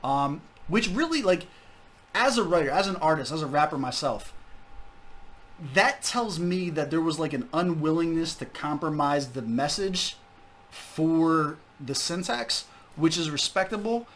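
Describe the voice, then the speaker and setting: A man's voice: a little high, lively intonation, unhurried, fairly bright tone, a little hiss or hum. A young man hosting a casual music review, candid, profane and enthusiastic. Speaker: music reaction host. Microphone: desk microphone.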